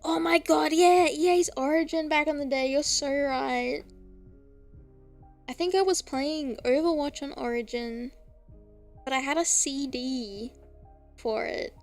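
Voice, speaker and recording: A woman's voice: sits high, a little slow, long pauses, soft background music. A young woman streaming, chatting casually about games, laughing often and swearing now and then. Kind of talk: casual chat.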